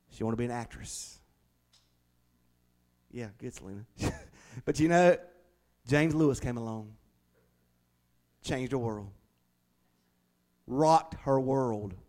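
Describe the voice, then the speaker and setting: A man preaching a sermon, telling folksy stories with big swings between loud and hushed delivery. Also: medium pitch. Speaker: pastor.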